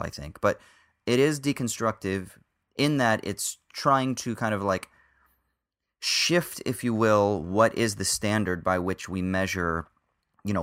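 In a casual podcast film discussion, a male co-host talks with plenty of swearing and fillers. He has a deep voice with a fairly bright tone.

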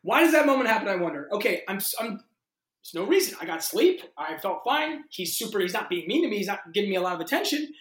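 Animated man telling stories, roomy sound. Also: sits high. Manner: animated, fast-shifting, heavy use of "like". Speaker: actor telling audition stories. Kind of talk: casual storytelling interview. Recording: roomy echo.

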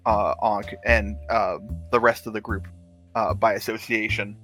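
A man running a tabletop game as game master, describing the scene in halting bursts. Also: on the low side, level tone, pushed and bright, faint music behind. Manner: halting, searching for words.

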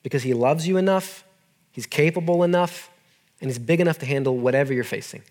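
A man's voice: on the high side, fairly quick, a little mellow. A young man preaching a sermon in a casual, earnest way to a group in a room. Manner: casual, earnest, talks to listeners as "dude". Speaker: youth pastor.

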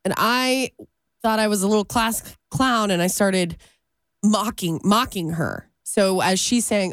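A woman co-hosting a radio show, telling a story in casual chat and acting out the quotes in a higher voice. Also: unhurried, no room sound, clean studio sound. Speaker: radio co-host.

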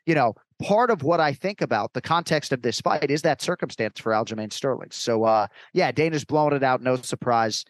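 A man's voice: medium pitch, no room sound. A man from Massachusetts, a sports play-by-play commentator, speaking as a guest in a casual interview in a fluent, emphatic way.

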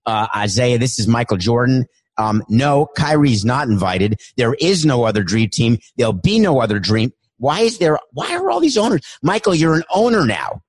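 A man putting on a deeper voice to play a stern former star turned team owner, firm and commanding. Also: animated, moderate pace, lightly acted.

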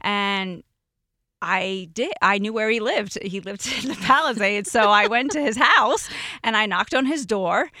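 A woman guest on a podcast, telling a personal story in casual chat, animated and prone to trailing off and restarting. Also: medium pitch, unhurried, a little hiss or hum. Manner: animated, acts out quoted voices.

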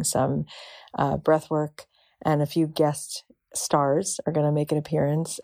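A woman hosting a podcast speaks in a deep, mellow tone and keeps her delivery calm and measured. The sound is close and dry, with no room around it. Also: no room sound. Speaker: podcast host. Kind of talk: podcast ad read for her own event.

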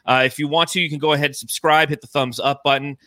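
A man's voice: on the high side, steady tone, fast, pushed and bright, no room sound. A man co-hosting a sports podcast in a casual, playful, upbeat way. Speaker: podcast co-host.

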